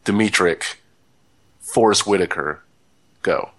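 Deep-voiced man hosting a podcast. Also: slow pace, fairly bright tone. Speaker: podcast host. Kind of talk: casual banter, introducing segments.

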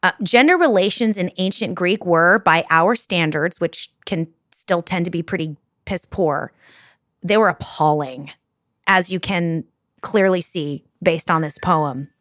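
A woman's voice: lowish voice, measured pace, fairly bright tone, dry recording. Chatty woman in a dry studio. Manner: chatty, swears casually, reads dramatically. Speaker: guest presenter. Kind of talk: casual podcast chat.

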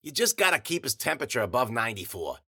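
A man voicing a gruff middle-aged boss who gives clipped, curt orders. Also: mid-range voice, big pitch swings, fast, pushed and bright, full character voice.

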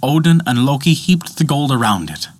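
A man narrating a myth in a dramatic, expressive storytelling style. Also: medium pitch, moderate pace, no echo, studio quality.

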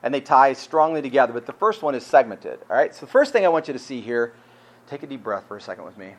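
Male pastor doing a chatty sermon, keeps asking questions, restarts words, gets quiet then loud again. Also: mid-range voice, very animated, fast, slight background noise, poor audio. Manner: informal, repeats words, asks rhetorical questions. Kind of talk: conversational sermon.

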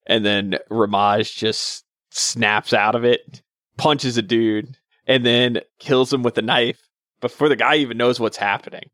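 A man's voice: medium pitch, fairly even intonation, unhurried, fairly bright tone, no room sound, clean studio sound. A man co-hosting a book podcast, chatting casually and amused about the story. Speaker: podcast co-host. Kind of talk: casual book club chat.

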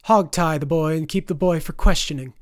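A man voicing a cold, haughty noblewoman with a stilted, matter-of-fact high-society manner, in an audiobook. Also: a little fast, dry recording, studio quality, natural voice. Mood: commanding.

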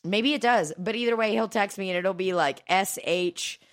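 A woman's voice: mid-range voice, normal speed. A woman co-hosting a podcast, chatting casually, teasing and swearing with frequent laughs. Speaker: podcast co-host. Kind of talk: casual chat.

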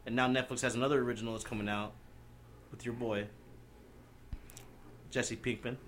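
A man's voice: medium pitch, steady tone, moderate pace, a bit bright, a little hiss or hum. A young man hosting a casual chat with friends, laughing often and joking crudely. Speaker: podcast host.

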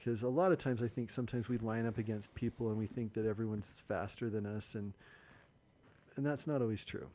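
A man's voice: on the low side, steady tone, fairly quick, dark tone, slight background noise. A man hosting a podcast, explaining ideas thoughtfully in a coach-like, casual way. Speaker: podcast host.

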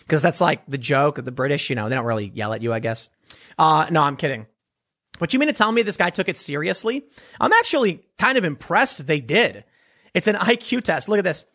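A man's voice: a little high, expressive, brisk, bright, forceful tone. A man giving an unscripted commentary monologue in a sarcastic, dismissive manner.

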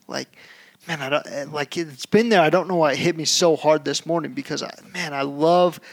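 Gravelly-voiced man telling a story. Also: on the high side, moderate pace. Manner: animated storytelling, acts out shouting. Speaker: podcast co-host. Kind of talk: casual chat.

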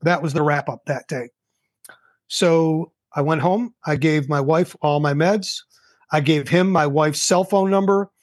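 An older man with a fairly high voice, recorded in a dry, clean studio, speaks unhurriedly as a guest entrepreneur in a casual interview. Animated, he tells a personal story and acts out the quoted dialogue.

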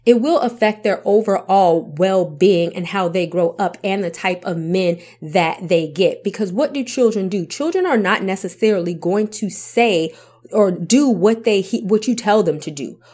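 A woman's voice: medium pitch, moderate pace, dark tone. Emphatic woman giving parenting advice. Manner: emphatic, repeats points, asks rhetorical questions. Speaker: parenting vlogger and author. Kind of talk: casual advice talk to camera.

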